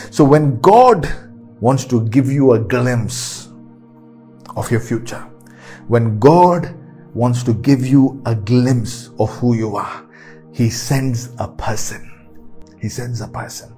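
A man's voice: medium pitch, slow pace, long pauses, mellow, soft background music. A man preaching a sermon, repeating key phrases with emphatic, rising delivery.

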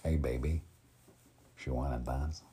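A man's voice: very deep voice, fairly even intonation, unhurried, warm tone, husky, full character voice. A man putting on a Cuban accent to play a brash gangster from a film, repeating short clipped phrases. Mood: flirty.

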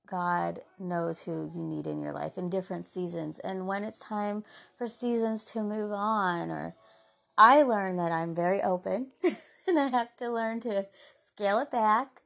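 A woman hosting a podcast, giving an earnest, heartfelt, faith-based talk of encouragement that often softens into gentle asides. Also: medium pitch, slow pace, creaky, long pauses. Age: adult mother. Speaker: podcast host.

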